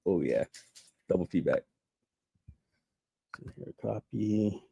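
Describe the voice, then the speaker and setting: A man's voice: on the low side, animated, slow pace, vocal fry, warm tone, breathy edge, no room sound, lo-fi sound. A man hosting a casual livestream, venting in a heated, sarcastic, profane way, often laughing between remarks. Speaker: channel host.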